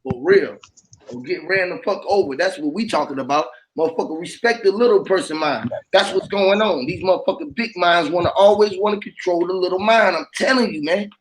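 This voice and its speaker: A man's voice: sits high, a little fast, slight background noise, low-quality recording. A man on a livestream panel, talking in an angry, profane and repetitive way. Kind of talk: heated livestream chat.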